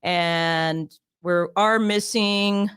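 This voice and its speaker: A woman's voice: medium pitch, steady tone, very slow, fairly bright tone, clear, resonant tone. Bubbly woman hosting a live talk show. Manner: bubbly, laughs often, repeats phrases. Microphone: desk mic on a live stream.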